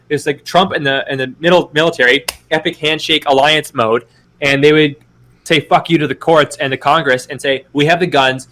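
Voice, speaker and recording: A man's voice: fairly high pitch, a bit bright. A man co-hosting a podcast in casual political chat, rambling and profane with many restarts. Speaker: podcast co-host.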